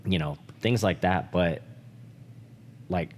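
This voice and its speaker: A man's voice: low voice, slow pace, long reverb tail. A man co-hosting a podcast, talking candidly and emotionally with lots of "like" fillers and swearing. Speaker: podcast co-host.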